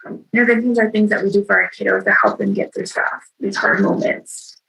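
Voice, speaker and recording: A woman's voice: mid-range voice, fairly even intonation, fairly quick, vocal fry, a bit bright, rough recording. A woman giving a virtual training to caregivers in a conversational way, often checking in with "right?". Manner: conversational, frequent tag "right?". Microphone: video call.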